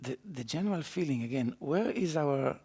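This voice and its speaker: A man's voice: a little high, expressive, moderate pace, a little mellow, breathy edge. A man teaching a trumpet master class in a recording studio, explaining patiently and singing phrases on syllables.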